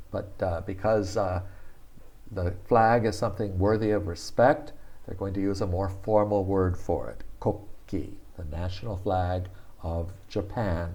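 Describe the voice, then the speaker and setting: Slow, low-voiced man teaching casually. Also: darkish tone. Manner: unhurried, thinks aloud with many "uh" fillers, repeats words slowly for practice. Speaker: language teacher. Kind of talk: casual spoken lesson.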